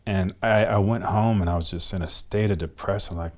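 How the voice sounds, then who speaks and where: A man's voice: low voice, fairly even intonation, a little fast. A middle-aged man from the United States, a guest in an interview, candidly telling a personal story and acting out both sides of remembered conversations.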